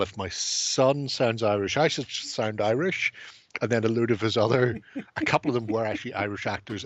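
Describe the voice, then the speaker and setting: A man's voice: on the low side, a bit bright, slightly rough, dry recording, muffled recording. A man co-hosting a hobby live stream, rambling and swearing with frequent laughs in casual late-night chat.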